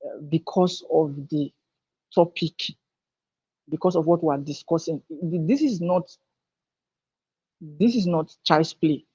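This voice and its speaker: A woman speaking at a business seminar. She talks emphatically, repeats her words as she restarts phrases, and climbs higher and louder on her key points. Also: measured pace, pauses often, husky. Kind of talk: motivational business seminar talk. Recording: dull lo-fi sound.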